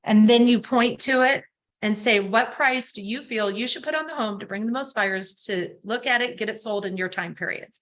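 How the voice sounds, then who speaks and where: A woman's voice: on the high side, normal speed, fairly bright tone. A woman teaching a real estate sales class, acting out lines to say to clients and checking in with the class. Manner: coaching, acts out client scripts, asks class questions. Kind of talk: class lecture with role-played scripts.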